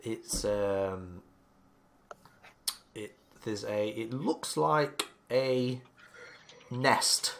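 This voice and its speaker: A man's voice: fairly low pitch, expressive, very slow, gravelly, long pauses, a little hiss or hum. A man narrating a tabletop game as game master, hesitant and full of ums and likes.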